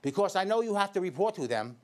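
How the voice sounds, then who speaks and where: New electrician host, high-pitched voice, sarcastic editorial rant. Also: male voice, sing-song, fast. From Staten Island, New York. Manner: indignant, sarcastic, addresses people directly. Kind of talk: scripted editorial commentary.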